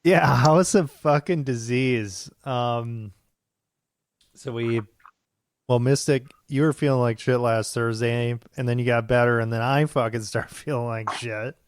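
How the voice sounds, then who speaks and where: A man tells a rambling story on a podcast, cursing freely as he goes. His voice sits at an ordinary pitch and is recorded dry and close, with no room echo. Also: fairly even intonation, unhurried. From United States. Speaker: podcast co-host. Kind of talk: casual chat.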